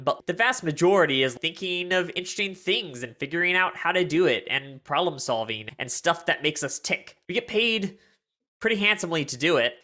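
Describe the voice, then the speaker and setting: A man's voice: fairly high pitch, pushed and bright. A man hosting a podcast interview, upbeat and enthusiastic as he asks questions. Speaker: podcast host. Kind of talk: conversational interview.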